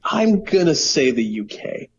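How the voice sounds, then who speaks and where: A man's voice: on the high side, very animated, unhurried, dull audio, slight background noise. A man playing in a trivia game, chatting in a jokey, upbeat way. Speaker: trivia contestant. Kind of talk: casual chat.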